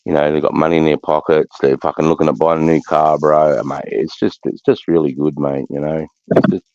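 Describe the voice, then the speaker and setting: A man's voice: very deep voice, flat delivery, brisk, darkish tone, no room sound. An Australian man speaking in a blunt, sweary, matey way in casual chat, with a dull lo-fi sound. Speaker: veteran guest.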